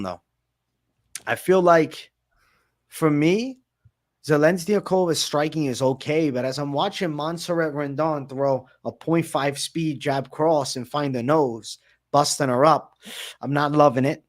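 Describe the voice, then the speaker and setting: A man's voice: fairly high pitch, measured pace, no echo, clean studio sound. A man hosting a betting podcast, talking fight picks in a loose, joking, slangy way. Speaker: MMA betting podcast host. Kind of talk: casual fight-picks chat.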